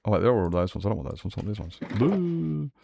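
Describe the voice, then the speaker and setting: A man with an Australian accent streaming a game, chatting with his audience in a vulgar, jokey way that is rough around the edges. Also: sits low, rapid-fire, slight background noise. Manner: animated, jokey, laughs often. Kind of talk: live game-stream chat.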